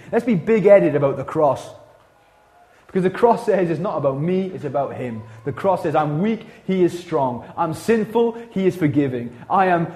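A Welsh man preaching a casual, animated sermon as pastor of a church, full of slang and quick asides. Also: high-pitched.

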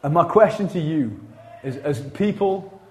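Animated Welsh male pastor preaching. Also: fairly high pitch. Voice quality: casual, animated, slangy preaching with quick asides. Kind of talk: sermon. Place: church.

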